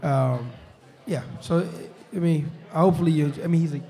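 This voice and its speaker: A young man chats as a football player guest at a live show in a restaurant. His voice is warm and mellow and sits a little high. He talks loosely, laughs often and keeps saying "you know what I'm saying.". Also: normal speed, gravelly. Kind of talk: casual live-show chat.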